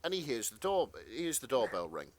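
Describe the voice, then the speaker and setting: A man's voice: medium pitch, fairly quick, a little hiss or hum. Man casually reading fan fiction aloud. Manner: relaxed storytelling with swearing and asides. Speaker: podcast co-host.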